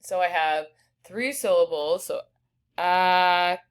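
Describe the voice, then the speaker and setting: Slow-spoken woman teaching spelling. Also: lowish voice, a little hiss or hum. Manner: patient, slow sounding-out of words. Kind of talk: recorded spelling lesson.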